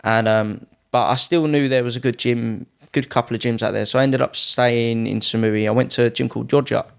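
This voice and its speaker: Speaking briskly in a smooth, mid-range voice touched with vocal fry, a young UK man in his twenties guests on a podcast. The Muay Thai fighter shares anecdotes casually and livens them up by voicing quoted people loudly.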